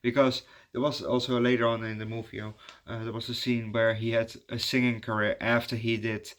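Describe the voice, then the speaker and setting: A Dutch-speaking man with a medium-pitched, level voice talks fairly quickly through a casual movie review. He rambles and hesitates, filling his speech with fillers and restarts.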